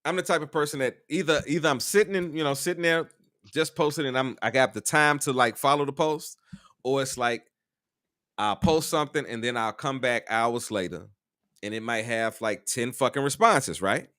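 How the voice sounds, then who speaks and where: A man co-hosting a casual talk show, animated and profane, repeating himself as he makes his point. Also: medium pitch, normal speed, no echo, studio quality. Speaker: co-host. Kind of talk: casual podcast chat.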